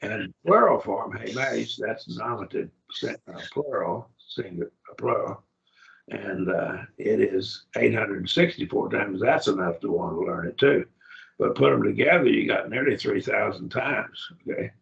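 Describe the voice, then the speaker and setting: A man's voice: fairly low pitch, unhurried, creaky, a bit bright, highs cut off. A man teaching a Greek grammar class, explaining patiently and often checking that students follow.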